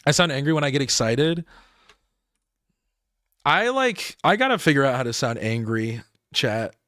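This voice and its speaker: A man's voice: medium pitch, sing-song, moderate pace, a bit bright, no echo, studio quality. A man streaming a game live, rambling and laughing as he talks to his chat.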